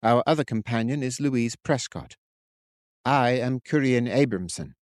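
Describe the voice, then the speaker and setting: A man's voice: mid-range voice, unhurried, a little mellow, no room sound, clean studio sound, natural voice. Curian, a man voicing a humble young leader. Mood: earnest. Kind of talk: audiobook character voice.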